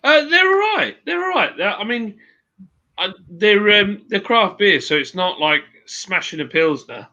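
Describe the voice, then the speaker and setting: A man hosts a relaxed live stream, joking and rambling as he reads viewer comments. His voice is very bright and forceful, set a little high, and the audio sounds dull and lo-fi. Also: a little slow. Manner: chatty, jokey, rambling. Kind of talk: casual chat reading viewer comments.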